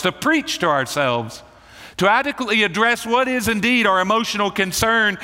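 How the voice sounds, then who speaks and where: A man preaching a morning sermon to believers, with rising emphasis and slowed dramatic phrasing. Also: sits high, bright, forceful tone, in a large hall. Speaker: pastor.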